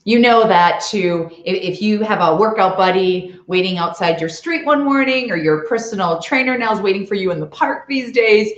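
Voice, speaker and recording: A woman's voice: mid-range voice, lively intonation, moderate pace, hardly any pauses. A middle-aged woman speaks as an interview guest, coaching emphatically and firing rhetorical questions at the listener. Her voice sits in a mid register. It comes through a roomy, slightly dull video-call line. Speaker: author and CEO, guest. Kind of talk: interview on leadership.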